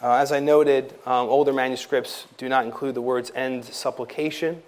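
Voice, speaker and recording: A pastor preaching a sermon in a church, earnest and emphatic, with some fillers and rising intensity on key points. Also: male voice, medium pitch, fairly even intonation, normal speed, a little mellow.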